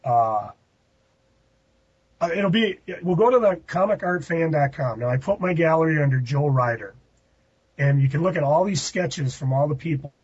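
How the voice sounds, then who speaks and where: Husky man telling rambling stories. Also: fairly high pitch, animated, moderate pace, darkish tone. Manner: rambling anecdotes with laughing outbursts. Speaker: podcast host. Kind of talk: casual storytelling. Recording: muffled dry lo-fi recording.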